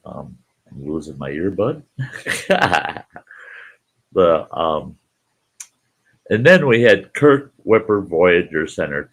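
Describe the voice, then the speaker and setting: A very low, gravelly man's voice, husky at the edges, chats with viewers in an unhurried, folksy way. He hosts a live stream and reads viewers' messages aloud. His pitch swings widely as he repeats phrases and keeps calling his listeners folks.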